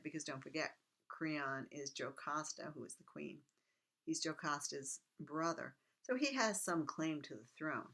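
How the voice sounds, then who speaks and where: Low-pitched woman teacher doing a laid-back lecture, reads a quote then chats about it. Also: fairly bright tone. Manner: conversational, reads quoted lines then comments in asides. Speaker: literature teacher. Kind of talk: casual recorded lecture.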